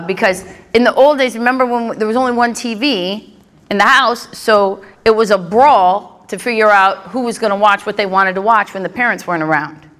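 A middle-aged woman performing a stand-up comedy set, telling brash stories with punchy asides on a live stage. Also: medium pitch. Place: comedy stage before a crowd. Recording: live club with loud audience. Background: audience laughter and crowd noise.

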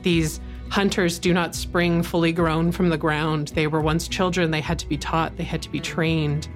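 Woman w/ really low voice, interview, emphatic and into it. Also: flat delivery, moderate pace, soft background music. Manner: engaged, emphatic lists. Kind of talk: interview explanation.

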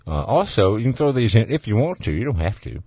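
A man's voice: lowish voice, big pitch swings, fast talker, mellow, no room sound. A man with a Southern US accent hosting a call-in radio show, folksy and chatty, laughing easily with callers. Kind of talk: casual call-in radio chat.

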